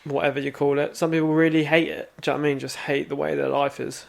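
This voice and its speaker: A man's voice: on the high side, level tone, vocal fry. A young man co-hosting a podcast, teasing and cutting in often. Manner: fast, teasing, interjects often. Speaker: podcast co-host. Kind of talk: casual chat.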